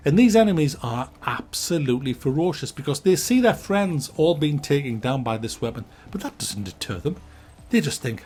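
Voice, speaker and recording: A man's voice: medium pitch, sing-song, normal speed, a little mellow, slightly rough, faint music behind. A man in his forties giving a mock-serious, sarcastic and sweary game review.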